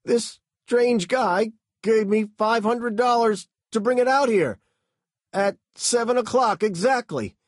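Brief: man voicing a terrified male van driver in an audiobook, shrill, pleading, husky edge. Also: slow, dry recording, studio quality, exaggerated voice. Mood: panicked pleading. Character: panicked male delivery driver at gunpoint.

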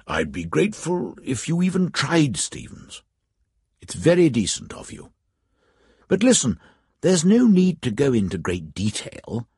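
A man voicing a reserved, weary older lord in a measured, awkward manner in a storybook reading. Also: on the high side, huge pitch swings, a little mellow, breathy edge, no room sound, studio quality, voice pushed up, exaggerated voice.

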